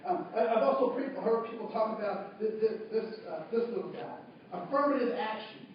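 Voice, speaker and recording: A man giving a storytelling talk as a trainer, animated, asking the audience questions and acting out both sides of a conversation. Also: sits high, a little fast, a little hiss or hum. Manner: animated, asks the audience questions, acts out dialogue. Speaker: diversity trainer. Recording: echoey room from far off, dull.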